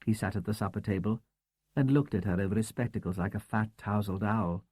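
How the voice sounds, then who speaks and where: A man narrating a crime novel audiobook in a measured, expressive storytelling manner. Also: on the low side, slightly rough, no room sound. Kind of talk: scripted narration.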